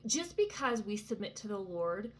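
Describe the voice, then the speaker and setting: A woman's voice: mid-range voice, sing-song, moderate pace. A woman in her thirties talking casually from a vacation cabin, sharing an earnest faith testimony full of fillers and asides. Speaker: Christian vlogger.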